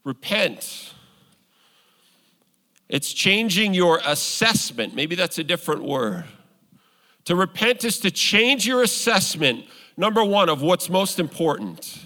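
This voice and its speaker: A man's voice: high-pitched, big pitch swings, slow, long pauses, bright, forceful tone. Earnest male pastor preaching in a reverberant hall. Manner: earnest, conversational preaching with rising emphasis. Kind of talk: sermon.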